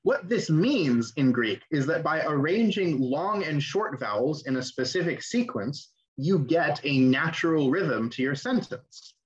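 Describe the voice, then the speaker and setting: A man's voice: a little high, expressive, a little slow, hardly any pauses. A young man teaching an online class, explaining in a casual way with fillers and restarts. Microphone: video call. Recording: dull lo-fi audio.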